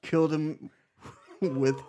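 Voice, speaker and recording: A man's voice: on the high side, little pitch movement, slow, heavy background noise. A man co-hosting a sports podcast, teasing his friends and moving the show along between segments. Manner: teasing, wraps up segments like a host. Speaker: podcast co-host. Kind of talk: casual sports chat.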